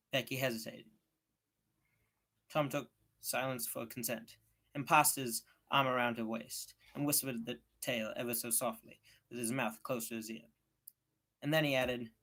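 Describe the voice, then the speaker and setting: A man's voice: mid-range voice, steady tone, normal speed, fairly bright tone. A man reading a novel aloud at home, unpolished, with occasional restarts. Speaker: reader.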